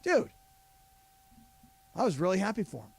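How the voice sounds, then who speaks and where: A man co-hosting a sports radio show, telling a story with animated energy and quoting people in their voices. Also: high voice, moderate pace, vocal fry, slightly rough, no echo. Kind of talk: casual sports radio banter.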